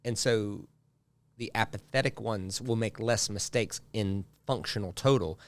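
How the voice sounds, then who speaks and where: A man's voice: on the low side, unhurried. A man, a guest pastor, talking in a casual podcast conversation, telling stories with lots of repeated phrases for effect.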